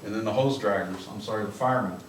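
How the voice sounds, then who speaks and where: A man giving a live police training talk to an office audience, blunt and joking, shouting commands when he acts them out. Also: lowish voice, fast, background noise. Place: office meeting room with audience. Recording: echoey room, mic from a distance.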